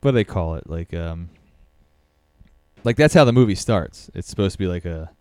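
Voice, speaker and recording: A man co-hosts a casual podcast, rambling through his thoughts with filler words and the odd curse. His voice sits a little low and sounds smooth. The mic is close and dry. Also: expressive, moderate pace, a little mellow, no room sound. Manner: loose, rambling, lots of "like" and swearing. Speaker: podcast co-host. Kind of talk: casual chat about movies.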